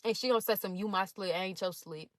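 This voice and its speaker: Young woman telling a juicy storytime, cussing a lot, animated, dry close phone mic. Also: mid-range voice, quick pace, no echo. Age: young adult. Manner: blunt, profane, animated retelling. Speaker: storytime vlogger. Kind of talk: casual storytime, reading out text messages.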